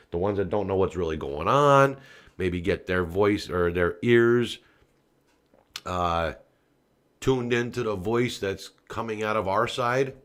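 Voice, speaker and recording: On his political podcast, the male host curses openly and breaks into loud, ranting outbursts, addressing viewers in an easygoing, down-home way. His pitch is medium.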